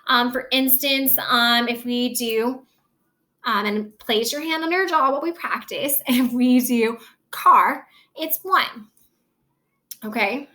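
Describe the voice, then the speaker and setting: A woman teaching a recorded lesson, patiently guiding students and stretching words slowly to show which syllables are stressed. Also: fairly high pitch, sharp tone.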